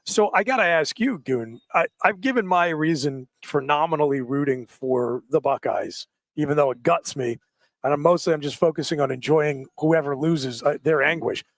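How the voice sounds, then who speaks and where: A man hosting a sports radio show in casual banter, wry and quick to joke. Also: on the high side, no room sound. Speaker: radio host, play-by-play voice.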